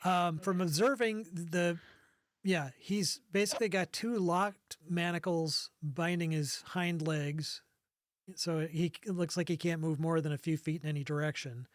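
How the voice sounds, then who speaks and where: A man acting as game master, describing scenes and rules, thinking aloud with pauses and restarts. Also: on the high side, fairly even intonation, no echo.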